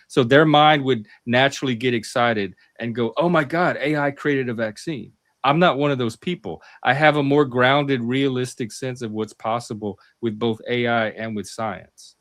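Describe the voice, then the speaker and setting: A man's voice: medium pitch, no room sound, studio quality. Emphatic man arguing his point. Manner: emphatic, argumentative, repeats words when starting. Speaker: host. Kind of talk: casual discussion.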